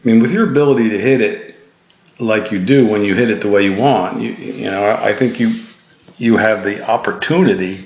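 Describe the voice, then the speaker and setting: A tired man with a low voice coaches a golf student through a swing analysis, patient and instructive and often restarting his sentences. The recording is echoey and dull, with a lo-fi edge. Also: fairly quick, gravelly. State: tired, yawning. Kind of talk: swing analysis voice-over lesson.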